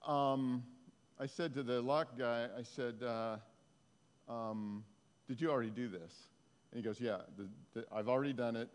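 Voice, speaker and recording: A man telling a lively testimony story to a congregation, laughing often. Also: medium pitch, moderate pace, smooth, in a large hall.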